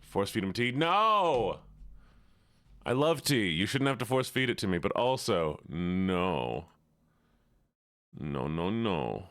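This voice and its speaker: A man's voice: low-pitched, sing-song, slow pace, pauses often, a bit bright, smooth, dry recording. A man streaming live, chatting casually with his audience in a playful, teasing way full of mock outrage.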